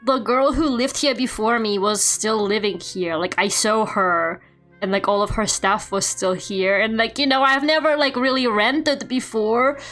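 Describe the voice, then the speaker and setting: A woman's voice: on the high side, unhurried, soft background music. A young woman streamer chatting casually while she draws, telling stories animatedly with lots of laughter and "like". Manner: animated storytelling with frequent laughter and filler "like". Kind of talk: casual live-stream chat while drawing.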